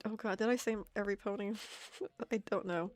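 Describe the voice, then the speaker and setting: A woman's voice: mid-range voice, steady tone, normal speed, a little mellow, soft background music. A young woman chatting casually on an art stream, giggling and poking fun at herself as she reads chat aloud.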